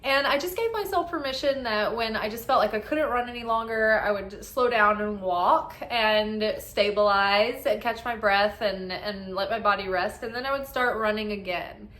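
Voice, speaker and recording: A woman's voice: mid-range voice, normal speed, few pauses, a bit bright. Chatty upbeat woman, echoey room. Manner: chatty, upbeat, peppered with "right?" and "like". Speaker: spiritual oracle card reader. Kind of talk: casual spiritual guidance talk.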